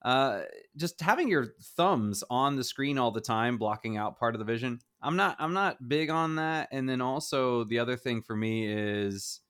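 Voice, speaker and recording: A man's voice: mid-range voice, lively intonation, normal speed, hardly any pauses, a bit bright, smooth. A middle-aged man co-hosting a casual gaming chat show, rambling and hedging with frequent chuckles. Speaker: podcast co-host.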